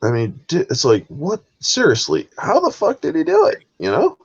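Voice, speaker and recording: A man's voice: high voice, huge pitch swings, moderate pace, vocal fry, husky, dull audio. A man hosting a heated live movie review, ranting with constant swearing. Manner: profane, exasperated ranting. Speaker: host.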